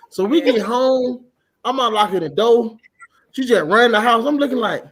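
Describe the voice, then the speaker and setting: Loud high-voiced man telling a story. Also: fairly quick, slightly rough. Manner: loud, profane, animated storytelling with shouted bursts. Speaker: podcast host. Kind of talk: casual storytelling chat.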